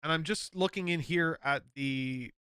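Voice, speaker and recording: Irish caster, bright forceful tone, dry close mic, blunt and sweary. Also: male voice, a little high, measured pace, clean tone, dry recording. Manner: blunt, frequent swearing, emphatic rants. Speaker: esports caster. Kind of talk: casual podcast chat.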